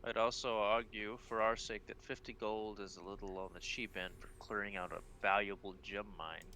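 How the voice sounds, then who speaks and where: Bright-voiced man playing a tabletop game. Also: lowish voice, flat delivery, moderate pace, a little hiss or hum. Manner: thinking aloud, earnest and polite in character. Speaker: player. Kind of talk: casual tabletop role-play.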